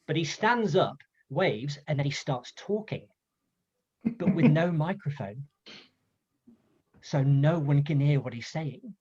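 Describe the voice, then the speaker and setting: A man from the UK tells a story in a chatty, animated way. His voice sits a little high. The sound is muffled and lo-fi, like an online call. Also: takes it slowly, long pauses, husky. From United Kingdom. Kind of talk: casual storytelling talk.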